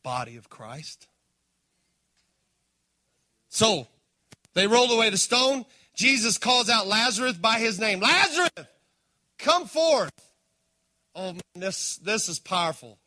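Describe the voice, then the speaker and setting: A man preaching a sermon as pastor, swinging between loud emphasis and hushed appeals and calling out to his listeners. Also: high voice, expressive, unhurried, pauses often. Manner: calls out to the congregation.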